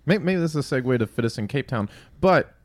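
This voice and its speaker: A man co-hosting a podcast in casual chat, animated and profane. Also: medium pitch, quick pace, no room sound. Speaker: podcast co-host.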